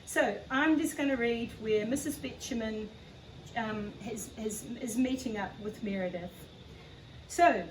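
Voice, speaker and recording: A woman's voice: on the high side, measured pace, slight background noise. A woman author with a New Zealand accent who introduces her novel in a hesitant, earnest way, with many fillers. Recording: echoey room, far from the mic.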